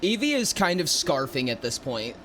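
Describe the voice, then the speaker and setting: A man's voice: fairly high pitch, sing-song, normal speed, bright, forceful tone, faint music behind. A man playing a tabletop role-playing game, joking around and narrating his character's actions. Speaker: player. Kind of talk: casual tabletop role-play chat.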